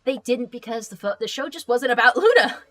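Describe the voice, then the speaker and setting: A young adult woman streamer chatting casually and reading out viewer comments, rambling, excitable and quick to swear. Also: fairly high pitch, dry recording. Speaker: live streamer.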